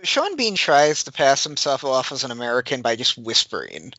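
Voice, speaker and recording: A man's voice: medium pitch, huge pitch swings, normal speed, pushed and bright, dry recording. A man co-hosting a podcast in casual chat, arguing his point and laughing often. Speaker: podcast co-host. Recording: dull, dry lo-fi audio.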